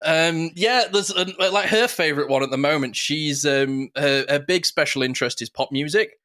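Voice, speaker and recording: A man co-hosting a podcast in casual chat, animated and quick to mimic catchphrases. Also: a little high. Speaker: podcast co-host.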